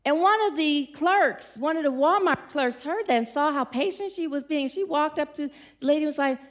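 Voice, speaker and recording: A woman's voice: high-pitched, normal speed. A middle-aged woman giving an informal sermon, chatty and playful, telling stories and putting questions to the congregation. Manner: warm, chatty, playful storytelling with audience questions. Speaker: speaker at a church gathering.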